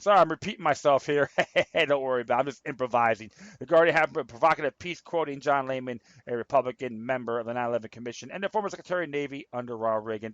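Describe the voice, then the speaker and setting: A man's voice: fairly high pitch, dry recording, lo-fi sound. A man hosting his own political commentary show, reading articles aloud and rambling, stumbling and repeating himself. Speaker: show host.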